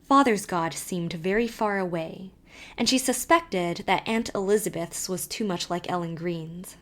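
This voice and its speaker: A woman's voice: lowish voice, unhurried. Woman reading a classic novel aloud. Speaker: audiobook narrator. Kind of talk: scripted narration.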